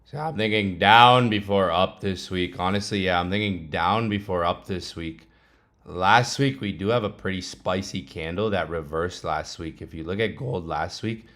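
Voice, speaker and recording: A man's voice: low voice, a bit bright. A young man vlogging casually about trading, talking in a loose, slangy way with laughing asides.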